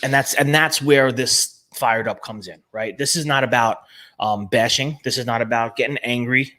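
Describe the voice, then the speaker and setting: A man's voice: mid-range voice, normal speed, sharp tone. A man with a New Jersey accent hosting a casual live show, talking with energy and emphasis and often repeating words. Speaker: show host.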